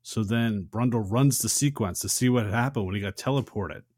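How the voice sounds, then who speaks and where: A man's voice: fairly low pitch, fairly quick, darkish tone, no echo, clean studio sound. A man co-hosting a podcast, recapping a film scene in a casual chat with long chains of "and". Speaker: podcast co-host.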